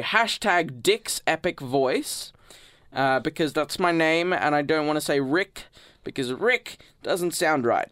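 A man's voice: a little high, fairly bright tone, clean tone, dry recording. Casting: young man, radio co-host, rambling goofy banter, dry studio sound. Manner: goofy, rambling, quick bursts of speech.

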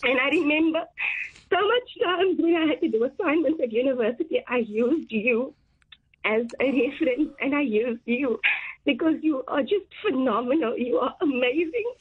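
A woman's voice: high-pitched, animated, normal speed, narrow, tinny audio. A young woman, a journalist, calling in to a radio show, tearful and gushing with praise. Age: young adult. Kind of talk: emotional radio call-in.

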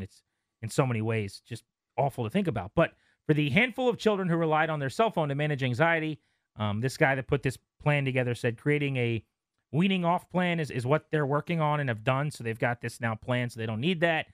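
A man in his thirties hosting a radio talk show, reading news stories aloud with relaxed asides. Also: mid-range voice, brisk, dry recording, clean studio sound. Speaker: radio host.

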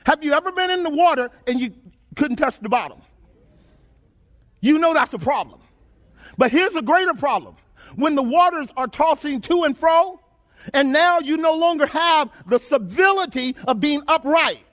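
A male preacher delivering a sermon in a call-and-response style, repeating his phrases and rising to shouts. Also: very high voice, lively intonation, moderate pace.

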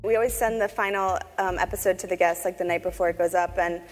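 A woman with a mid-pitched voice chats casually and laughs along as she talks. Her voice rings with a long hall reverb, and faint music plays underneath. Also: steady tone, quick pace. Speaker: podcast co-host. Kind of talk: casual conversation.

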